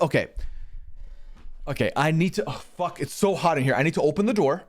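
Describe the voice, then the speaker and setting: A man streaming casual commentary, rambling and swearing freely, pitch jumping up when he gets worked up. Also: animated, brisk. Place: hot indoor room.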